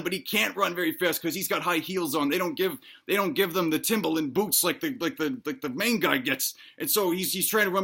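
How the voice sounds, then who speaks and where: A man telling a crude improvised comedic story in a rambling, deadpan way. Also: on the high side, quick pace, vocal fry, few pauses, slightly rough.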